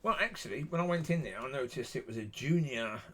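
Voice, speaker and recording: A man's voice: mid-range voice, lively intonation, fairly quick, a bit bright. A man, talking casually to camera in a rambling, repetitive way, plain-spoken and exasperated. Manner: rambling and repetitive, circling back on itself. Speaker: vlogger.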